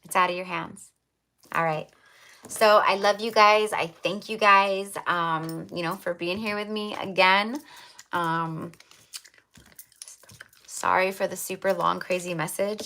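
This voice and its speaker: A woman with a somewhat low voice reads tarot cards on a livestream. She talks in a chatty way, full of fillers, and repeats her affirming spiritual phrases. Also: fairly even intonation, a little slow, long pauses, bright, forceful tone. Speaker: tarot reader.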